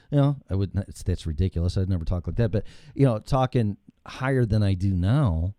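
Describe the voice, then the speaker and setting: Swearing talk-show host, deep dark voice. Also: male voice, fairly quick, hardly any pauses, no room sound, studio quality. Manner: profane, rambling, animated storytelling. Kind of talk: casual talk show chat. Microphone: studio mic with headphones.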